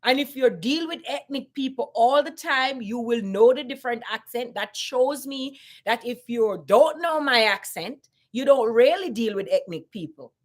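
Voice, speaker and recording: A woman's voice: a little high, moderate pace, few pauses. A woman with a Jamaican accent talking casually on a live stream, emphatic, repeating points and asking rhetorical questions.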